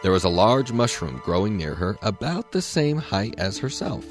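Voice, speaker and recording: A man with a low voice narrates a storybook aloud, swinging his pitch widely as he reads. His telling is dramatic and expressive. Music plays clearly behind him the whole time. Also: normal speed. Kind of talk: storybook reading.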